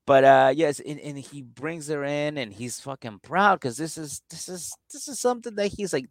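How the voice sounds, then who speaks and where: A man's voice: fairly high pitch, measured pace, long pauses, no room sound, clean studio sound. A man co-hosting a podcast, chatting casually and acting out quotes in exaggerated voices while laughing often. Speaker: podcast co-host. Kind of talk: casual comedic recap chat.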